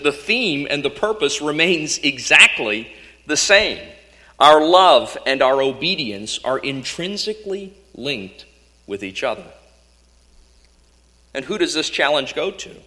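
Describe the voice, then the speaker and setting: A man delivers an earnest sermon, pressing his listeners with question after question. His voice is bright and forceful, and it carries a long reverb from a large hall. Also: mid-range voice. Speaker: preacher.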